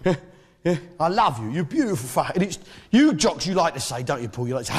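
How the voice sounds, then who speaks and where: Pompous British comic, high lively voice. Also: male voice, fast talker, slightly rough, soft background music. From Britain. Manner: pompous, boastful, swearing. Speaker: stand-up comedian. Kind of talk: stand-up comedy as a pompous publican. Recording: live stage show with loud audience.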